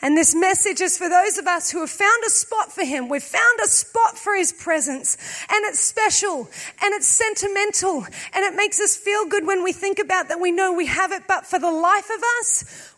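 Woman pastor with a very high voice, delivering a casual, humorous sermon with slow emphatic pauses. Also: bright, forceful tone.

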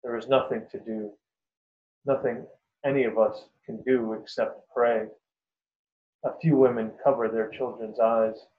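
A man narrating a first-person story in a measured, steady reading. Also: mid-range voice. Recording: dull roomy recording.

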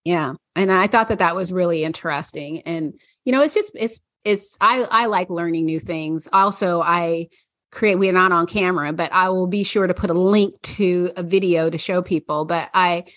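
A woman's voice: lowish voice, moderate pace, a bit bright, no echo, studio quality. A woman podcast co-host chatting casually, rambling with many fillers and frequent laughs. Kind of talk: casual chat.

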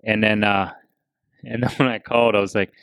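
Man, podcast host, low voice, laughing storyteller, dry close sound. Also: fairly quick, clear, resonant tone, no echo. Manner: laughing storyteller, animated retelling. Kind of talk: casual chat.

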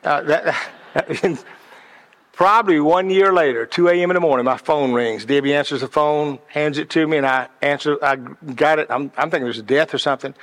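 A passionate man telling stories in a sermon-like talk, his voice sitting a little high for a man. He is earnest and repeats words as he builds toward each point. The sound rings with a long reverb, like a large hall. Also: steady tone, normal speed, a bit bright.

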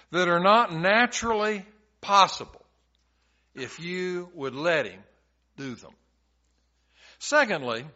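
Slow, bright-voiced male preacher. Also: on the high side, highs cut off. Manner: folksy storytelling preacher, retells scripture in plain talk. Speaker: pastor. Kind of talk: sermon.

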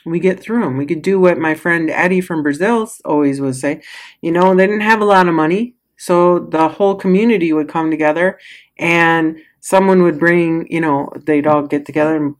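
In a low voice at normal speed, a middle-aged woman gives clients an easygoing motivational talk. Working as a coach or healer, she gets emotional, frequently sighing and laughing.

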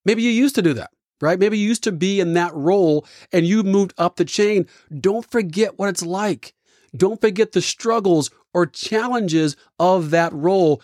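A motivational host with a fairly high male voice shares leadership advice through punchy, energetic storytelling at a moderate pace. The recording is dry and close-miked, with no room sound.

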